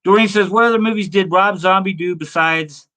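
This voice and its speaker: A middle-aged man hosts a casual horror show, rambling through a personal story and viewer comments in an easygoing, chatty way. His voice is a little high for a man, bright and forceful, and he talks a little fast. Clearly amused by himself, he laughs often at his own tales.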